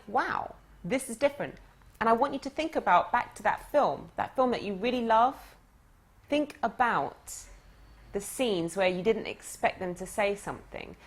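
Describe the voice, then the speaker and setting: Animated woman telling a coaching story. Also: on the high side. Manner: animated anecdotal storyteller, conversational. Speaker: dating coach. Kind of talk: storytelling lesson.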